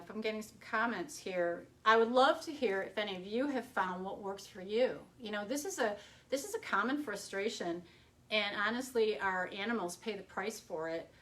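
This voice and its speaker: A woman's voice: medium pitch, a bit bright. A middle-aged woman veterinarian talking casually and directly on a live stream, telling case stories with occasional fillers. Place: home or office, streaming live.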